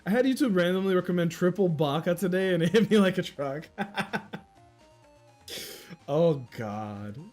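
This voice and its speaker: A man's voice: high-pitched, expressive, normal speed, long pauses, a little mellow, faint music behind. A young man with a Dominican-influenced American accent, chatting casually with viewers on a livestream, rambling through stories and laughing often. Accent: Dominican-influenced American English. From United States. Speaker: livestream host.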